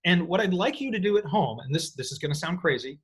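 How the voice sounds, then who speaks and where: A man teaching an economics lecture in an energetic, playful way, often checking in with his students. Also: high voice, fast talker, breathy edge. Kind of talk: recorded lecture.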